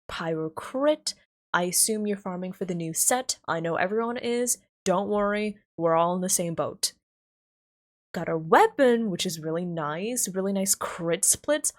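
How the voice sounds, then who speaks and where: A woman streamer in casual live-stream chat, playful and self-mocking, lower in energy than usual.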